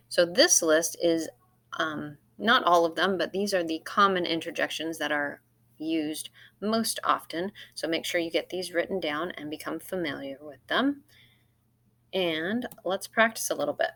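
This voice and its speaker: A woman's voice: low-pitched, a little slow, fairly bright tone. A middle-aged woman teacher giving a recorded grammar lesson over slides, explaining step by step in a friendly way. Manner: friendly, explaining step by step with acted example lines.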